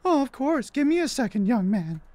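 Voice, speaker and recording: Man doing a trembling high old lady. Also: big pitch swings, moderate pace, mellow, no echo. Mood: flustered. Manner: trembling, stammering, pleading. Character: frail nervous elderly woman tenant. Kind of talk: reading game dialogue aloud.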